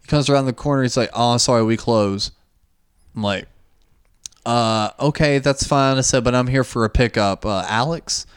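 A man's voice: medium pitch, moderate pace, clear, resonant tone. A man co-hosting a podcast, telling a story in casual chat with a lot of swearing. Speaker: podcast co-host.

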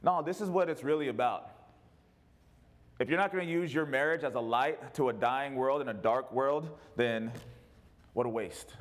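A man's voice: medium pitch, moderate pace. A male pastor preaching a sermon in an emphatic, repetitive way.

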